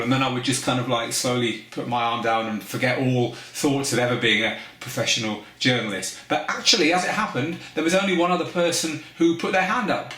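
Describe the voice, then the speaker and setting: A man hosts a DJ course and teaches through a personal story. He speaks at a medium pitch in a candid, conversational way, lifting his voice to stress key points. The recording has a noticeable roomy echo. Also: pushed and bright. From Manchester, England. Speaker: DJ course host.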